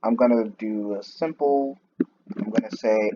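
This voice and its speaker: Here a student's lowish voice moves at a measured pace as he demonstrates his class program on screen, hesitating and restarting often amid fillers. Steady noise and clicking run under the muffled, lo-fi recording.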